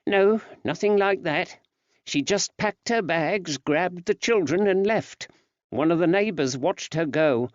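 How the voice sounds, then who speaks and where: A man voicing a fond, fretful wife in old England who talks in a warm, earnest, chatty way. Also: high voice, takes it slowly, no room sound, voice pushed up. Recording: dry, slightly dull recording.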